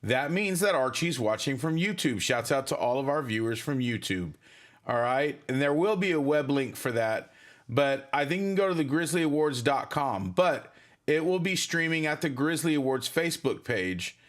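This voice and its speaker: A man's voice: medium pitch, expressive, moderate pace, fairly bright tone. A man hosting a casual livestream for his band, rambling and chatty as he reads viewer comments. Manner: rambling, chatty, many fillers.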